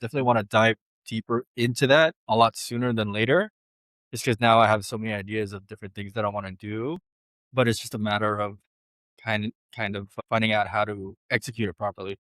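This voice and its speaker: A young adult man tells stories in a loose, slangy way, full of fillers. When he quotes people his voice jumps higher and gets lively. The sound is dry and close, from a studio mic. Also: brisk, no room sound. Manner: animated, acts out quoted voices in a higher pitch; relaxed slangy speech with many fillers. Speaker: guest DJ. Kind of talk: casual interview storytelling. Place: podcast studio.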